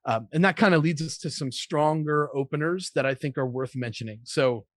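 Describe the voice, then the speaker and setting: An energetic man shares sales advice as an interview guest, now and then acting out lines a caller might say. His voice sits a little high for a man. The sound is dry, with no room echo. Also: moderate pace. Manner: energetic, demonstrates call openers.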